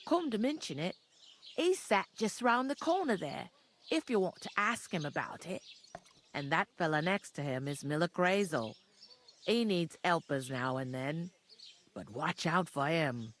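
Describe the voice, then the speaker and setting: A woman's voice: lowish voice, expressive, unhurried, a little hiss or hum. A woman voicing a chatty, earthy village tavern keeper in a game, talking in a folksy, gossipy way. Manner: gossipy, homely, folksy talk.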